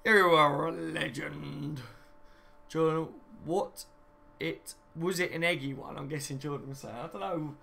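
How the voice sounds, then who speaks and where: A man's voice: fairly high pitch, moderate pace, a bit bright. A young man hosting a casual live stream from home, reading viewer comments and laughing often. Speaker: fan channel host.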